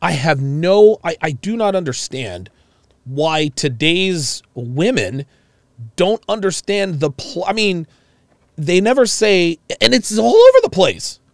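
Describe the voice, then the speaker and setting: A man streaming live commentary over a clip, animated and incredulous, mocking what he hears and reading chat messages aloud. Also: on the high side, slow, no room sound, studio quality.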